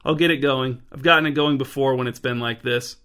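A man's voice: mid-range voice, fairly even intonation, fairly quick, sharp tone, smooth, close to an everyday voice. A man voicing a polite, wary woman. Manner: polite, evasive.

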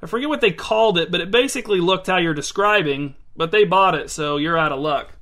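A man's voice: high-pitched, a little fast, pushed and bright. A man voicing a casual, probing male store clerk in a storybook reading. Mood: offhand.

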